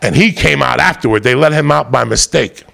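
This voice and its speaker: A man's voice: mid-range voice, a little fast, creaky, fairly bright tone. A man telling a rowdy comic story with heavy swearing and bursts of laughter. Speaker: comedian storyteller. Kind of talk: profane comic storytelling monologue.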